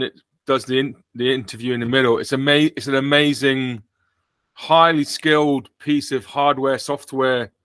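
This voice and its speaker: British male podcast host, bright sound, dry close mic, jokey and rambling. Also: mid-range voice, smooth, dry recording. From Britain. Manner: joking, rambling with self-corrections. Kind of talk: casual chat.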